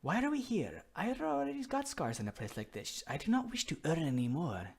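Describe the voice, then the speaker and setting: A man's voice: a little high, huge pitch swings, brisk, creaky, darkish tone, breathy edge, exaggerated voice. A man voicing a weary, formal male cat-man companion in a video game.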